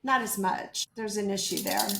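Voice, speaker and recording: A woman's voice: medium pitch, normal speed, gravelly, sharp tone, roomy sound. A woman running a casual tarot channeling session, asking spirits questions and reporting their answers. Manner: chatty, asks questions then reports answers.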